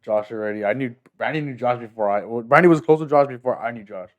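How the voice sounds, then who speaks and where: A man's voice: mid-range voice, fast talker. A young man hosting a podcast, chatting casually and teasing his guest, swearing freely as he jokes. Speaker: podcast host. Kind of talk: casual chat.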